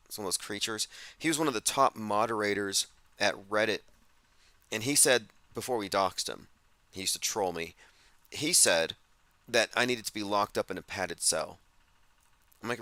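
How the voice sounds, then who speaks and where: A man's voice: lowish voice, moderate pace, bright, forceful tone, no room sound. A man hosting a casual livestream show, talking sardonically and reading out viewers' chat comments. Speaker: host.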